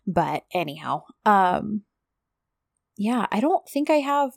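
A woman's voice: mid-range voice, sing-song, slow, vocal fry, dry recording, studio quality. A woman co-hosting a podcast in casual chat, talking easily with many fillers. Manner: chatty, lots of fillers and "like". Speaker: podcast co-host.

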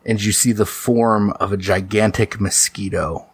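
A man narrating as game master for a tabletop horror game, slowing down for dramatic beats. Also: fairly low pitch, fairly even intonation, husky, dry recording. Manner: slow, deliberate for dramatic beats.

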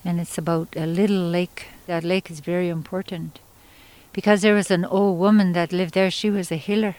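A woman storyteller from Yukon, Canada, telling a traditional story in an unhurried, conversational way with pauses and asides. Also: fairly low pitch, level tone, a little mellow, dry recording, rough recording. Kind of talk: oral storytelling.

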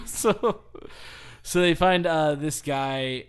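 A man's voice: fairly high pitch, animated, very slow, clean tone. Chatty man rambling through a story. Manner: rambling storyteller, restarts, laughs often. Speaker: podcast co-host. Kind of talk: casual wrestling story chat.

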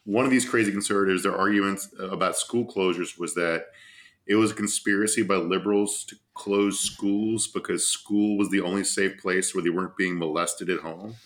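Sardonic, swearing man with a low voice. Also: fairly even intonation, moderate pace, fairly bright tone. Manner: sardonic, profane, laughs while talking. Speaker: podcast co-host. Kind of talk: casual political chat.

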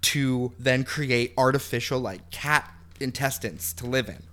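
A man's voice: mid-range voice, measured pace, bright, forceful tone. A man co-hosting a podcast in casual chat, jokey and rambling, filling his speech with "like". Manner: jokey, rambling, heavy use of "like". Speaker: podcast co-host.

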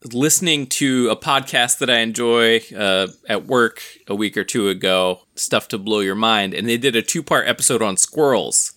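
A man's voice: lowish voice, sharp tone. A man co-hosting a podcast who tells stories in casual chat, rambling and amused. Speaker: podcast co-host.

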